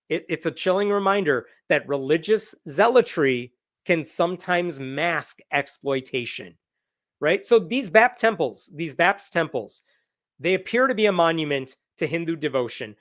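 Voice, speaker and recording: Man, livestream news host, sarcastic commentary, incredulous, somewhat high voice.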